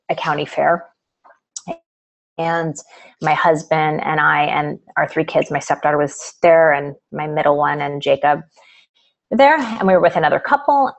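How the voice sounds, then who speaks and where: A woman's voice: sits low, vocal fry, low-quality recording. A middle-aged woman, an author guest in a live video interview, telling a personal story with lots of quoted dialogue.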